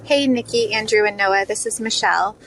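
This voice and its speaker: Female voicemail caller, low and gravelly, hesitant, faint background hiss. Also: fairly quick, fairly bright tone, poor audio. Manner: hesitant, thoughtful, fillers. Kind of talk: voicemail question.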